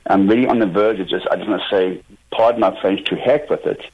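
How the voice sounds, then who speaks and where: A male caller on the phone, despairing and frustrated, speaking in a halting, heavy-hearted way. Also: low voice, husky. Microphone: telephone. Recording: dull lo-fi phone line.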